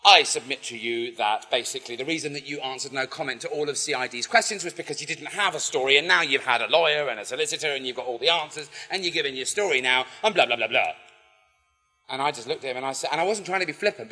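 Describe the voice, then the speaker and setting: A man telling a story to a live audience in an animated way, acting out the voices of the people in it. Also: medium pitch, fast, slightly rough. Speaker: poet and speaker. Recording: long hall reverb, faint music.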